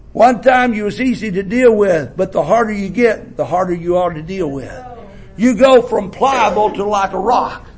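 Fiery male preacher, very high voice with a gravelly, husky edge, shouts then drops low. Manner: impassioned, swings between shouting and low murmuring; reads scripture in a slow, drawn-out cadence. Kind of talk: revival sermon.

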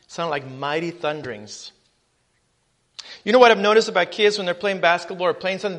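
A high-pitched man delivers a sermon with emphatic force. He reads scripture loudly and then drops low to put questions to the congregation. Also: fairly quick. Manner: emphatic preaching, rising loud on scripture, dropping low on asides. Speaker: preacher.

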